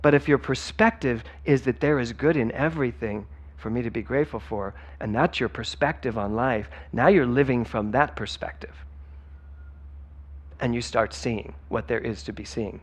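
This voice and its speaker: A man's voice: mid-range voice, moderate pace. A man giving a sermon as a spiritual director, emphatic and conversational, talking straight to the congregation. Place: church sanctuary.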